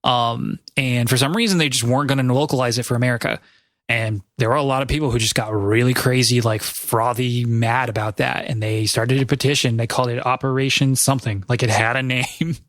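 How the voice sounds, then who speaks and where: A man's voice: mid-range voice, fairly even intonation, fairly quick, a bit bright, dry recording. Male podcast host, mid-range voice, chatty and meandering with frequent self-corrections, dry mic. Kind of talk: casual chat.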